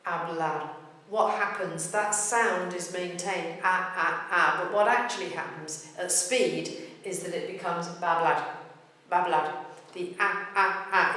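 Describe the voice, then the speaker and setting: A woman teaching pronunciation in a patient, measured way, slowing down to demonstrate words. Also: lowish voice. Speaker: language teacher. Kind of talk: explanatory lesson. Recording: very echoey room, voice from far off.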